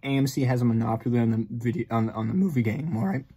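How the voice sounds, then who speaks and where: A man's voice: mid-range voice, quick pace, warm tone, a little hiss or hum. A man vlogging to camera in an exasperated, profane rant. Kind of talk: ranting vlog to camera.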